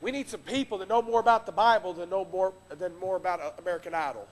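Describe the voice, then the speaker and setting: A man preaching a sermon from the pulpit, impassioned, swinging between loud exhortation and hushed earnest tones. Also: high voice, fast. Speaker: pastor. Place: church sanctuary. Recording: long reverb of a church hall.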